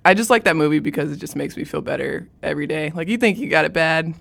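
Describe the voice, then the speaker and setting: A woman's voice: deep voice, fast talker, creaky, fairly bright tone. Laughing, upbeat woman co-host. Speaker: podcast co-host. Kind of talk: casual chat.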